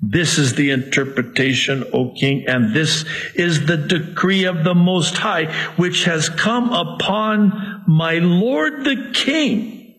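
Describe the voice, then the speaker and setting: A man preaching a sermon as pastor, breaking into shouts and then slowing for emphasis. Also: mid-range voice, lively intonation. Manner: preaching with sudden shouts and slow drawn-out emphasis.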